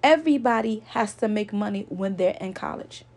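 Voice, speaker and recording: Woman, casual vlog storyteller, gravelly texture, earnest lecturing delivery with lots of repetition. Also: mid-range voice, lively intonation, normal speed, a little mellow. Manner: earnest, lecturing, repeats points for emphasis. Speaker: vlogger.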